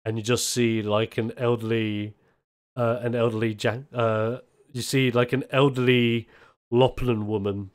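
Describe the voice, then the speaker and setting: A man's voice: medium pitch, flat delivery, a little slow. A man narrating as game master of a tabletop game, rambling with many fillers.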